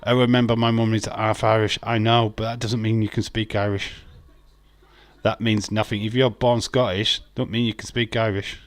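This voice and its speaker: A man's voice: fairly low pitch, flat delivery, moderate pace, no room sound. A man hosting a live stream, chatting casually, reading out chat messages and teasing viewers with frequent laughs. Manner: jokey, teasing, laughs often.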